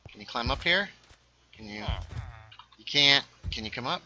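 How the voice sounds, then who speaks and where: A man's voice: fairly high pitch, very animated, moderate pace, gravelly, bright, forceful tone. A man chatting casually and joking as he streams a video game. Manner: chatty, playful, jokey. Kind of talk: casual gameplay chat.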